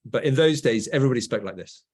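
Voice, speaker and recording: A middle-aged Englishman with a clear BBC-style southern accent, talking at a medium pitch as he tells stories to an interviewer. He tags his points with "right?" as he goes. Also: lively intonation, fast talker, darkish tone. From England. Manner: storytelling, often adds "right?". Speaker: guest author. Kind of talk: conversational interview.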